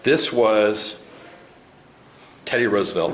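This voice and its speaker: A man with a lowish voice gives a motivational talk to a gathered crowd, pushing them to act and coming back again and again to the same rallying question. The room is very echoey, and a faint noise sits under his voice. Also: moderate pace. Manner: exhorting, with repeated rallying questions. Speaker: speaker at a grassroots political gathering. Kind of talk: motivational talk to a live audience.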